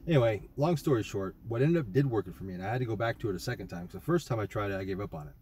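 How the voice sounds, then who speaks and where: A man's voice: on the low side, lively intonation, rapid-fire, a little mellow, a little hiss or hum. A young man casually rambling through a trip report, swearing often and full of fillers and restarts. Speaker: vlogger.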